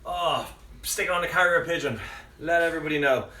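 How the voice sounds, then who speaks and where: A man, out of breath, leading a live workout with energetic cues and chatty asides. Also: fairly high pitch, brisk, slight background noise. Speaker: fitness coach. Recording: echoey room, mic at a distance, faint music.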